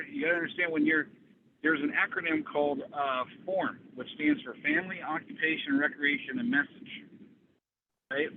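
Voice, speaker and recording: Male business coach on a group call: high, very lively voice with a chatty, animated delivery. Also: gravelly. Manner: animated, conversational, acts out dialogue. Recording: tinny phone-like line, faint hiss.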